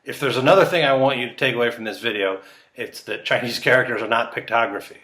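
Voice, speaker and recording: A man's voice: medium pitch, fast talker, bright, forceful tone. Rambling, laughing man in an echoey room. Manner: rambling, joking, laughs often. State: tired, late at night. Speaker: chess commentator. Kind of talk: casual solo video commentary.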